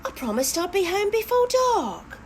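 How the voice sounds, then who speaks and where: A woman voicing a timid young male hare in a storybook, with a high, fretful delivery. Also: big pitch swings, normal speed, darkish tone, a little hiss or hum. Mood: scared.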